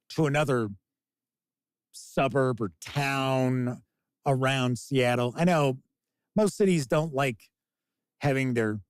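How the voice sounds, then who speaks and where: In a medium-pitched, slightly mellow voice with no echo, an American podcast host in his fifties runs a casual live-stream chat. He wanders between topics while reading viewers' comments aloud.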